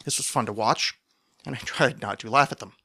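A man hosting a podcast, telling a long story in a wry, rambling way and sometimes acting out shouted quotes. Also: medium pitch, a little fast, husky, dry recording, studio quality. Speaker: podcast host. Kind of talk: casual storytelling monologue.

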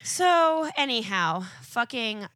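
A woman chatting as a podcast guest, telling a story in a profane, animated way and acting out each character. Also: a little high, slow, dry recording, studio quality. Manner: animated, profane retelling that acts out every character. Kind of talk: casual podcast chat.

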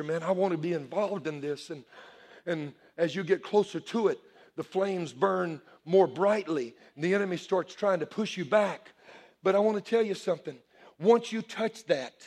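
A male pastor preaches to his church congregation in a high-pitched voice, growing more animated until he is shouting calls for response.

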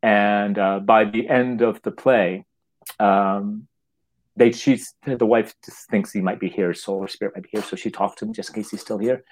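A man from Canada, a guest telling a long story in an animated way, laughing often and restarting his sentences. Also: on the low side, moderate pace, low-quality recording. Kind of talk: anecdotal storytelling.

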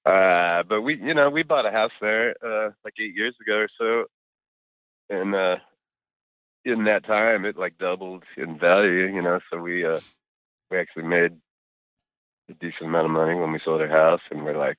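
A man's voice: deep voice, moderate pace, no echo. A middle-aged man, a musician guest, talking loosely in a casual interview, rambling with lots of fillers and the odd swear word. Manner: laid-back, rambling, heavy on fillers and swearing. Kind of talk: casual interview chat over a call. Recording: tinny phone-like remote line, dry.

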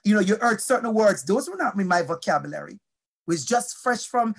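A woman from Jamaica, an educator telling a personal story during a conference talk, animated and shifting her pace as she goes. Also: medium pitch, brisk, breathy edge.

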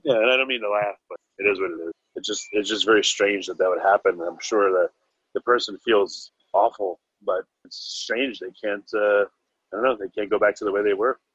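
A man's voice: fairly low pitch, a little fast, fairly bright tone, breathy edge, no echo, lo-fi sound. A man interviewing a guest, asking questions in a casual, hesitant way.

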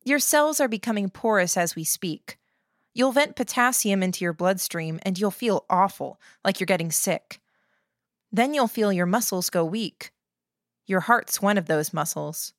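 A woman voicing a calm, clinical young woman medic who speaks in a flat, detached way. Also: mid-range voice, measured pace, dry recording, clean studio sound, lightly acted. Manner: flat, textbook-reciting delivery.

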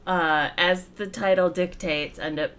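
Chatty low-voiced woman. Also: fairly even intonation, a little slow, fairly bright tone, smooth. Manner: chatty, laughs easily, rambling with fillers. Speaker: podcast co-host reviewing comics. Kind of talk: casual chat.

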